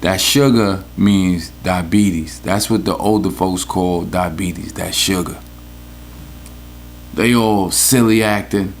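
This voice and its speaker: A man's voice: low-pitched, fairly even intonation, slow pace, slight background noise. A man with a New York accent, hosting a podcast with a profane, rambling, joking rant. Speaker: podcast host. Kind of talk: casual comedic rant.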